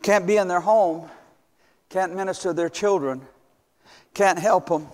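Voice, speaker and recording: A man's voice: high voice, measured pace, darkish tone. A man in his seventies, a visiting missions preacher telling stories in a folksy sermon, stumbling over restarts and breaking into joyful whoops. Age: 70s. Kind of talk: storytelling sermon. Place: church sanctuary. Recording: long church reverb.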